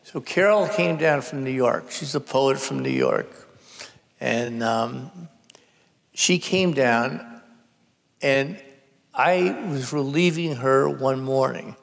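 A man's voice: mid-range voice, takes it slowly, creaky. A man in his sixties, a novelist, telling a wry, comic family story at a live public conversation. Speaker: novelist guest. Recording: reverberant hall at a live event.

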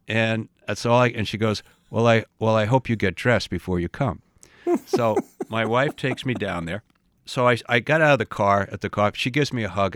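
A man in his late sixties telling a story in casual chat, animated, often stumbling and repeating words. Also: on the low side, moderate pace, dry recording, studio quality. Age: 60s. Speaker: podcast co-host.

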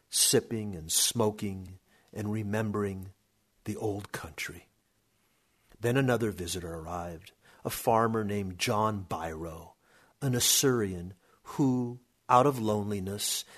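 A man reading a story aloud in a steady, measured narration. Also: lowish voice, husky.

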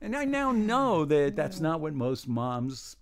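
A man's voice: a little high, sing-song, takes it slowly. A man in his seventies from New York, a guest in a radio interview, telling stories in a wry, rambling, self-deprecating way. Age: 70s. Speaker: guest, humor writer. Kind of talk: casual interview chat.

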